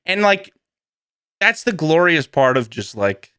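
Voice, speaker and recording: A young man hosts a podcast, bantering goofily and slipping into silly voices. His voice sits high and bright. It is recorded close and dry, with no room sound. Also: sing-song, measured pace, smooth, no echo. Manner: goofy, putting on silly old-man voices, laughs a lot. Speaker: podcast host. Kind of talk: casual comedic chat.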